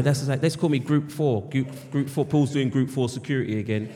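A middle-aged British man speaks in a candid, rambling way, circling back and repeating himself as he tells his story. His voice sits at an ordinary male pitch. A long reverb trails after his words, as if he is speaking in a large hall. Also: quick pace, darkish tone, slight background noise. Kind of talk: candid personal testimony.

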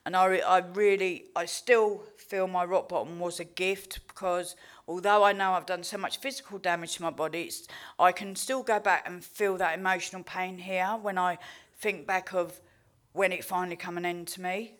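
A woman's voice: lowish voice, steady tone, moderate pace. An English woman giving a candid, heartfelt recovery testimony, swearing freely and telling her story with animation. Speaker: recovery speaker.

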